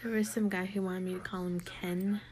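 A young adult woman co-hosting a casual podcast, telling candid, crude stories in a lively, joking way. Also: lowish voice, fairly quick. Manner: candid, crude, animated storyteller. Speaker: podcast co-host.

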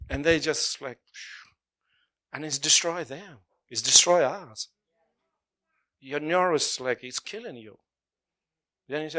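Male preacher, slightly high pitch, animated, laughs between lines. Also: slow pace, long pauses. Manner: animated, laughing often, call-and-response with congregation. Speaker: pastor. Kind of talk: sermon.

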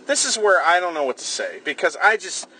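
A man's voice: high voice, pushed and bright, a little hiss or hum, low-quality recording. A man co-hosting a podcast, ranting angrily and swearing as he reviews a movie. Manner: ranting, angry, profane. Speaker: podcast co-host. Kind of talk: casual movie review chat.

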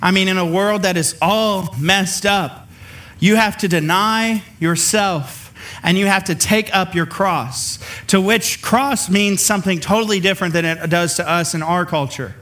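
A man's voice: sits high, measured pace, sharp tone. A man preaching a sermon in a conversational way, acting out the people in the story as he goes. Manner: conversational, acts out the figures he quotes. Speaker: pastor.

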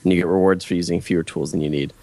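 A man's voice: low-pitched, steady tone, racing, a little mellow, dry recording. A man on a casual podcast panel, explaining things at length and swearing casually. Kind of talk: casual chat.

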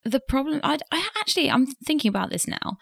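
A woman's voice: high voice, expressive, quick pace, vocal fry, fairly bright tone, no echo, studio quality. A woman hosting a podcast in casual chat, questioning and wondering aloud.

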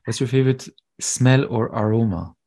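Male host, husky voice, mid pitch, brief measured questions. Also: warm tone. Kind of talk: interview questions.

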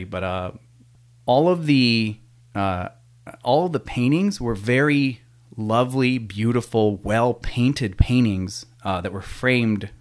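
A man telling a rambling, casual story as a foster parent, full of restarts and offhand swearing. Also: on the low side.

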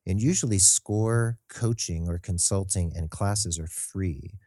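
Male co-host, deep warm tone, measured and informative. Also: no echo, studio quality. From Santa Fe, New Mexico area. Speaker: podcast co-host. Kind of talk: casual chat.

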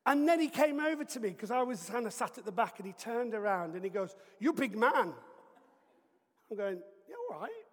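A man preaching, telling a lively, comic story with acted-out asides. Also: high voice, fast, hardly any pauses, in a large hall. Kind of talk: storytelling sermon.

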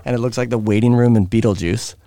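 A man's voice: mid-range voice, fairly even intonation, fast talker, mellow, no room sound. A Canadian man co-hosting a podcast, animatedly telling a story and acting out the people in it. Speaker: podcast co-host. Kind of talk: casual storytelling chat.

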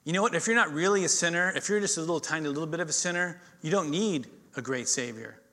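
Middle-aged male pastor, sermon, bright voice, slightly high, storytelling, loud then hushed. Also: fast talker. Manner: storytelling, swings between loud emphasis and quiet intensity.

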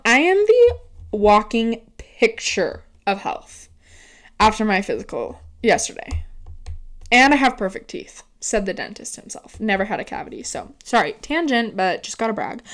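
Young woman vlogger, mid-pitched, chatty and animated, rambles through stories with tangents. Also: unhurried. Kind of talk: casual storytelling monologue.

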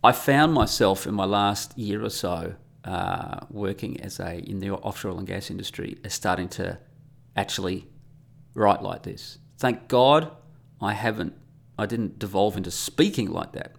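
A man with a low, gravelly voice rambles through a solo podcast monologue. He is sarcastic and mocking, and often drops into a muttering aside. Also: a little slow. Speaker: podcast host.

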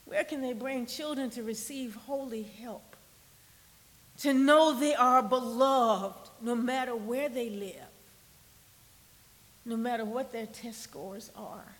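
Lady pastor preaching, high and bright, chatty, long echo in a big church. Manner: conversational preaching, drops to soft near-whispers for emphasis. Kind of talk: sermon. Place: church sanctuary.

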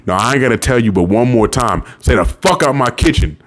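A man reading an audiobook and voicing a raspy, crude, scornful middle-aged bully, with lines that snap and sneer. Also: lowish voice, expressive, moderate pace, lightly acted. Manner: sneering, snapping, roaring. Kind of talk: audiobook character voice.

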